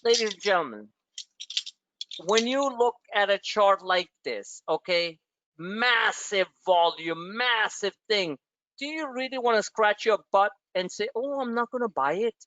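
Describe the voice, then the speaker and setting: A man's voice: high-pitched, expressive, a little slow, bright, forceful tone, no echo, dull audio. A man hosting a stock trading webinar, talking bluntly and emphatically, swearing and repeating himself for effect. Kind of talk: live trading webinar rant.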